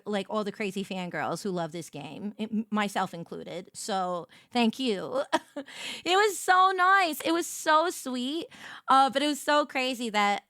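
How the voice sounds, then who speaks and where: A young woman streaming as a VTuber, telling a story in casual chat and greeting her viewers with big, bright jumps in her voice. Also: on the high side, no room sound, studio quality.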